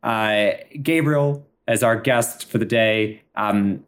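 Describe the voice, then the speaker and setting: A man's voice: fairly low pitch, takes it slowly. A male host narrating an improvised comedy story with theatrical energy and frequent laughter. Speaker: podcast host.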